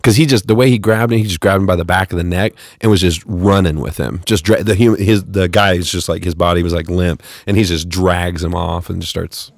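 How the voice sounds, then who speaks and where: A young adult man co-hosting a podcast, chatting casually and excitably with a lot of swearing. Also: sits low, a little fast, creaky, hardly any pauses, dry recording, studio quality. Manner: excitable, swears freely, many "like"s. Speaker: podcast co-host. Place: podcast studio.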